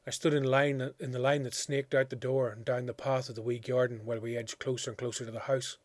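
A man narrating a literary story in a measured, quiet, reflective way. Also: medium pitch, level tone, no echo. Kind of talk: audiobook reading of a literary story.

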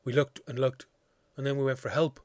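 A man narrating a literary story in a measured, quiet, reflective way. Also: mid-range voice, flat delivery, dry recording. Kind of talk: audiobook reading of a literary story.

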